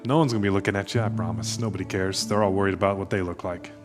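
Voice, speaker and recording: A man's voice: low-pitched, steady tone, racing. Male pastor at a church service, earnest and inviting, faint guitar playing behind. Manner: earnest, inviting, softening into hushed prayer. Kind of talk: sermon closing and prayer.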